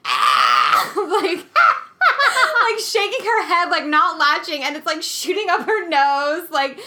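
A woman's voice: very high-pitched, normal speed, sharp tone. A woman in casual chat, telling a story with lots of "like" and acting out what everyone said.

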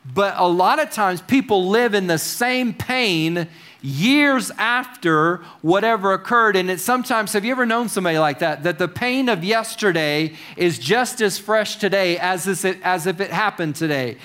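Male preacher, high voice, casual sermon with wry asides and questions to the congregation. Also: expressive, moderate pace, fairly bright tone. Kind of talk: conversational sermon.

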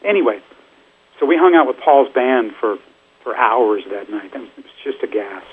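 An older man speaks over a tinny, phone-like line. His voice is a bit husky and sits at a middle pitch. He tells stories in a rambling, chatty way, full of fillers. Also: lively intonation, moderate pace. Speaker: musician guest. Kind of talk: casual interview storytelling.

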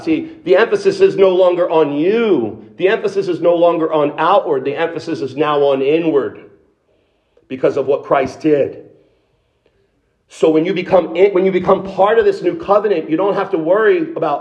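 A man's voice: fairly high pitch, normal speed, darkish tone, highs cut off. A man in the role of a pastor, delivering a sermon in an emphatic, conversational way, with rhetorical questions and frequent restarts.

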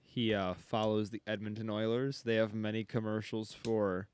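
A man's voice: on the low side, level tone, moderate pace, darkish tone, clear, resonant tone. A man joining a podcast as a guest, speaking in dry, sarcastic casual chat.

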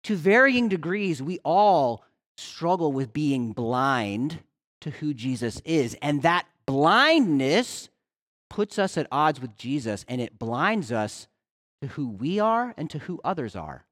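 A male pastor delivering a sermon with a lively, swooping pitch that rises and falls all the time. He talks to his congregation like a friend, tossing in quick check-ins. His volume keeps jumping from loud to hushed. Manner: conversational, with frequent "right?" check-ins; animated, swings between loud and hushed.

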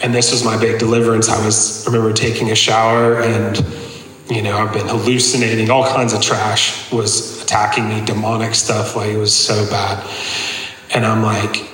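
A man with a lowish, fairly bright voice preaches a personal testimony to a congregation, keeping it earnest and chatty with plenty of casual fillers. The sound carries a little hiss or hum and the long reverb of an echoey hall.

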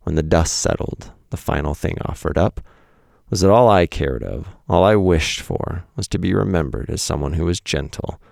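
A man's voice: sits low, moderate pace, creaky, a little mellow, no room sound, studio quality. A man hosting his own podcast, reading a personal essay aloud in a reflective, candid way. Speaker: podcast host. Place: home in Montana.

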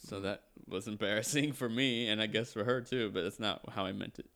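A man's voice: on the low side, brisk, fairly bright tone. A young man chatting casually with a friend, telling sheepish stories and laughing. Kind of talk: casual chat.

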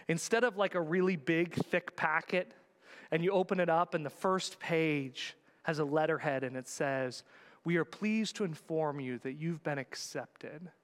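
A man preaching a sermon as a pastor, swinging between loud urgent calls and hushed quiet words. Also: fairly high pitch, big-room sound.

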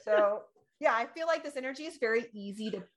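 A young adult woman co-hosting a casual chat, bubbly and animated, laughing often and acting out her own past reactions. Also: high voice, racing, a little hiss or hum.

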